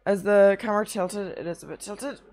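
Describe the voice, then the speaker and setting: A woman's voice: mid-range voice, brisk, darkish tone. A young woman streaming, chatting casually with her chat, tired from little sleep, rambling through anecdotes and swearing often.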